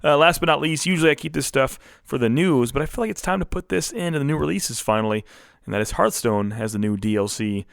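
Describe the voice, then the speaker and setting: Gravelly-voiced man presenting gaming news. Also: mid-range voice, animated, fast, no echo, studio quality. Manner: chatty, laughs often, presents gaming news. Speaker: podcast co-host. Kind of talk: casual chat.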